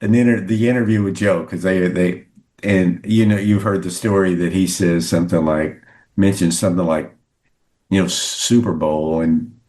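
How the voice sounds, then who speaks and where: An older sportswriter, a man, spins stories in a relaxed conversational way, jumping his voice up to act out other people's words. His voice sits on the low side. The recording carries a noticeable roomy echo. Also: moderate pace. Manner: lively storyteller who acts out quotes with pitch jumps. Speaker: guest sportswriter. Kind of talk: conversational anecdote telling. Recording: roomy echoey sound.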